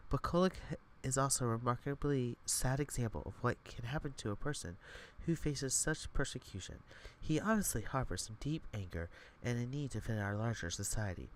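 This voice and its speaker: Man doing a solemn monk, hushed, lecturing, measured, lively pitch. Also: slight background noise, natural voice, rough recording. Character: grave solemn monk, male.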